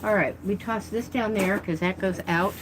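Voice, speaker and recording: A woman's voice: mid-range voice, steady tone, moderate pace, slight background noise, low-quality recording. A woman vlogging as she unboxes art supplies, chatting and rambling with self-deprecating asides. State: talking with mouth full. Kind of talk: casual unboxing chat.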